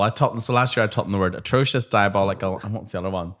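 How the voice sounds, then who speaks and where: A man in his thirties, a teacher co-hosting a chat show, telling lively stories and acting out classroom voices. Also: low voice, quick pace. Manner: animated storyteller, acts out classroom voices. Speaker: podcast co-host, teacher. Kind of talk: casual chat.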